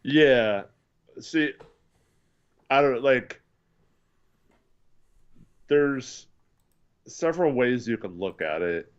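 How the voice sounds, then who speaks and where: A man's voice: mid-range voice, lively intonation, drawn-out words, long pauses, smooth, muffled recording. A man co-hosting a casual postgame basketball chat over a video call, rambling with lots of fillers. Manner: rambling, many fillers, laughs often. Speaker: podcast co-host.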